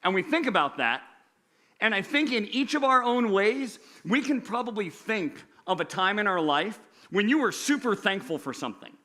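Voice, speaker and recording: Bright, animated young man telling a sermon story. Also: high voice, normal speed. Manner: animated storyteller, acting out voices. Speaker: youth pastor.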